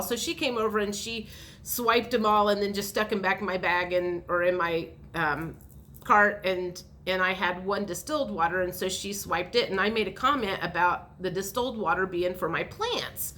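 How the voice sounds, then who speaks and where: A woman's voice: medium pitch, normal speed, bright, forceful tone. A woman telling a rambling story in a casual vlog, with many fillers and restarts. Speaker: vlogger.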